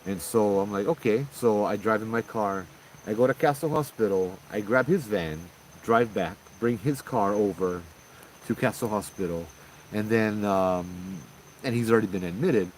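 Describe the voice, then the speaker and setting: A man's voice: fairly low pitch, a little hiss or hum, rough recording. A man casually telling ghost stories in a rambling, conversational way, quoting the people in them as he goes. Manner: rambling, conversational, quotes others in quick asides. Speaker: storyteller host.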